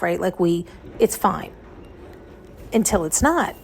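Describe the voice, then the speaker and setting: A woman's voice: medium pitch, unhurried, vocal fry, long pauses, a little hiss or hum. A woman hosting a podcast, talking in a rambling, frank and profane monologue. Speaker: podcast host. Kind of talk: casual intuitive monologue.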